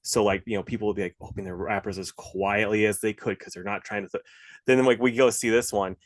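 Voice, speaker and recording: A man's voice: lowish voice, steady tone, fast talker, no room sound, studio quality. A young man co-hosting a podcast in casual, laid-back, joking chat. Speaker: podcast co-host.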